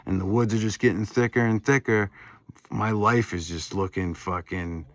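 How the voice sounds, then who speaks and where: A man's voice: fairly low pitch, a bit bright, no room sound. A man casually telling a rambling personal story, swearing often and filling in with "like" and "you know".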